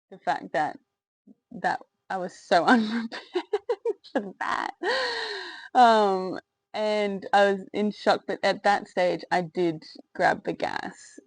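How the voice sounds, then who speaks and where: A woman's voice: medium pitch, dry recording, poor audio. A woman telling her own birth story in a candid, rambling way, with lots of fillers, laughter and swearing. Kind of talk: casual personal storytelling to camera.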